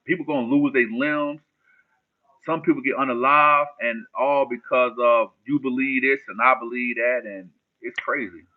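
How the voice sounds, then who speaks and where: A man's voice: medium pitch, fairly even intonation, normal speed. A man from New Jersey hosts a loose, casual livestream, trading street slang with his viewers. The sound is narrow and tinny, like it is coming down a phone line. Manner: laid-back street slang, answers chat questions. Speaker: livestream host.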